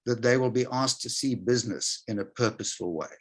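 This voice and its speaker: Husky older man telling a story. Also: mid-range voice, a little fast. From South Africa. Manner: anecdotal, reflective, frequent restarts. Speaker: interview guest, retail executive. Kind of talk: storytelling in a conversational interview.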